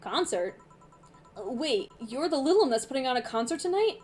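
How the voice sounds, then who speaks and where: A woman voicing a dry, deadpan young woman bartender as she reads a visual novel aloud, dropping low and flat. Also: normal speed, soft background music.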